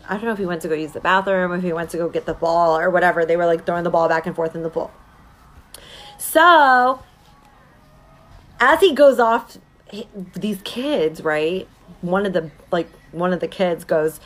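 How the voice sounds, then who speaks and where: Brief: woman, thirties, mid-pitched, casual and emphatic storyteller, keeps checking in with her listeners. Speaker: mother and business owner telling a story to viewers.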